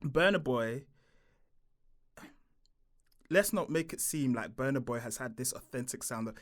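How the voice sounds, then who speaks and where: A man, a podcast guest in casual, animated chat, joking and laughing as he argues. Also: medium pitch, unhurried, dry recording, studio quality.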